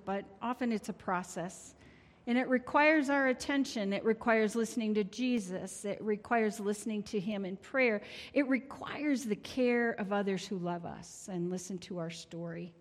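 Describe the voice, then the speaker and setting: A woman in her sixties giving a heartfelt, conversational testimony sermon as a prayer minister in a church sanctuary. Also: on the high side. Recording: long church hall reverb.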